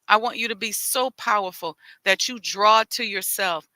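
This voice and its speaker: A woman's voice: medium pitch, normal speed, bright, forceful tone, no echo. A woman hosting a live talk outdoors, chatting in a folksy way with a Chicago accent, speaking into a headset mic. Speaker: host. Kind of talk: live-streamed casual talk.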